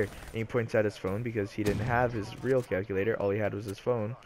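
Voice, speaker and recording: A man's voice: on the low side, fast, few pauses, a little hiss or hum. A teenage boy casually telling a storytime vlog in a loose, chatty way full of fillers. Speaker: vlogger, storyteller.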